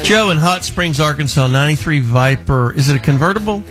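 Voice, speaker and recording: A man's voice: on the high side, lively intonation, fairly quick, music in the background. A man hosting a call-in radio show, blunt and teasing as he haggles with callers.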